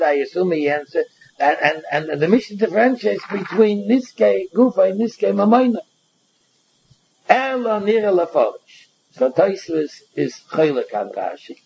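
A man's voice: high-pitched, darkish tone, dull audio, slight background noise. A man teaching a Talmud class, explaining step by step and often repeating words as he goes.

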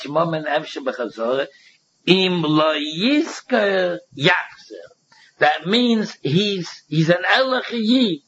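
Brief: male Talmud teacher, Yeshiva English, raised husky voice, dull lo-fi recording. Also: sits high, fairly bright tone. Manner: sing-song study-hall cadence, repeats and restarts phrases. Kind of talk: Talmudic lecture mixing English with Hebrew and Yiddish terms.

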